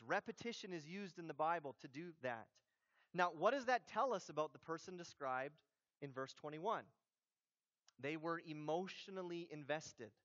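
A man delivers a sermon in a relaxed, talky way, dropping casual asides to the congregation. His voice sits high for a man. The sound is dry and a little dull. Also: no echo. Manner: conversational, animated preaching with asides. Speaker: pastor.

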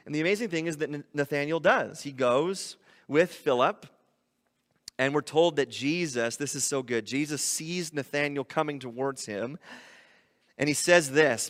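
A man preaching a sermon, animated, often acting out quoted voices. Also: a little high, moderate pace, long reverb tail. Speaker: pastor.

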